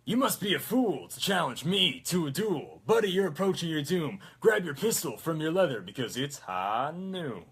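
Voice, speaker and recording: A man voicing a swaggering male cowboy gunslinger in a smooth put-on Texan drawl. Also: high-pitched, big pitch swings, slow, a bit bright, pitched above the performer's own voice, full character voice. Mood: taunting. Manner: swaggering, taunting.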